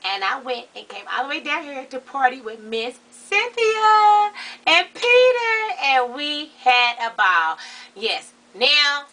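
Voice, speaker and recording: A man's voice: pushed and bright, distant mic, a little hiss or hum, exaggerated voice. A man playing a gossipy, sassy middle-aged Baptist woman, chatting dramatically to the viewers. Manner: chatty, dramatic, rising to shrill outbursts. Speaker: comedy character show host. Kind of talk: character comedy monologue to camera.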